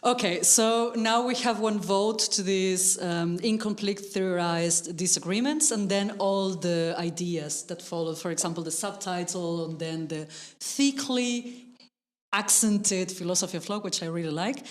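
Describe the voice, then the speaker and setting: A woman's voice: on the low side, a little slow. A woman co-hosting a podcast, interviewing a guest in a friendly, casual way. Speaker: co-host.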